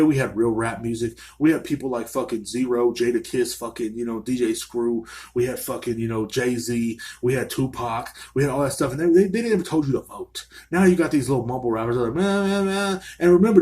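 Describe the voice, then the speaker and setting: A man's voice: medium pitch, a little mellow. Profane, fired-up man ranting solo. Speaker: podcast host. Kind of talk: solo podcast rant. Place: small room.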